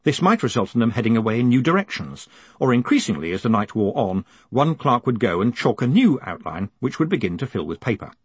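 A man narrating an audiobook in a wry, measured storytelling manner. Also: mid-range voice, sing-song, husky, dry recording. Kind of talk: scripted narration.

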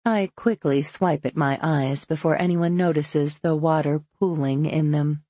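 A woman's voice: steady tone, measured pace, mellow, no room sound. A woman reading a first-person novel aloud, shifting her voice for each character. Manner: shifts pitch and pace to voice characters. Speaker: audiobook narrator.

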